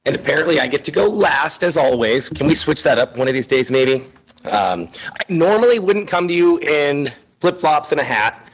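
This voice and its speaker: A man's voice: on the high side, animated, moderate pace, husky, rough recording. A man, an elementary school principal, giving an informal, upbeat spoken report at a school board meeting, with frequent fillers.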